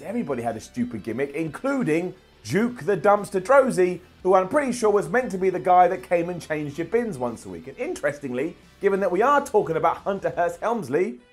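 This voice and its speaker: Man, host, high voice, sarcastic, animated commentary, faint background music. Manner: jokey, sarcastic, animated delivery. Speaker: wrestling show host. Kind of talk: casual video commentary.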